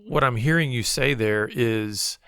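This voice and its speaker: A man's voice: mid-range voice, a little slow, sharp tone, smooth, dry recording. Reflective man on a dry podcast mic. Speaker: podcast co-host. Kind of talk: casual conversation on marriage.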